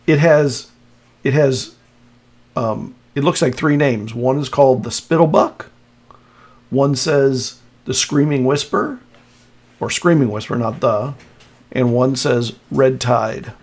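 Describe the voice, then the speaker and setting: A man in the middle of his range runs a tabletop game as game master. He describes scenes in a loose, halting way, restarting phrases as he goes. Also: mid-range voice, a little mellow.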